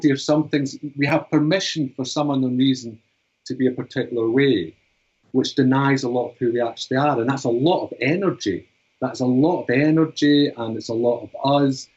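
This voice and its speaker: British psychotherapist in his fifties, earnest and explanatory, husky, on a lo-fi line. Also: medium pitch, fairly even intonation, moderate pace, a little mellow. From Britain. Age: 50s. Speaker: psychotherapist and author. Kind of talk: storytelling and interview talk. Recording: dull lo-fi recording.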